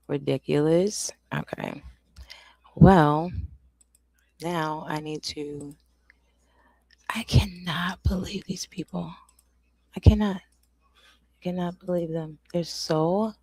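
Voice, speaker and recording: Woman streamer, casual rant, low gravelly voice, dry close sound, swears and whispers asides. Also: mellow, no room sound. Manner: frustrated, swears, drops to whispers. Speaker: livestream host. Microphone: desk microphone.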